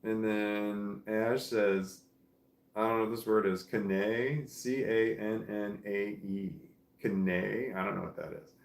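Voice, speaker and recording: A man's voice: lowish voice, fairly even intonation, unhurried, creaky. A man hosting a live stream, reading viewer comments aloud in casual chat and chuckling often. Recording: echoey room.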